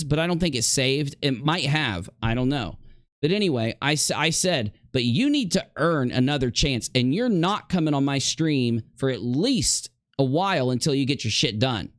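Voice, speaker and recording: A man's voice: on the high side, no echo, clean studio sound. A man streamer in a heated livestream rant, confrontationally addressing a rival directly.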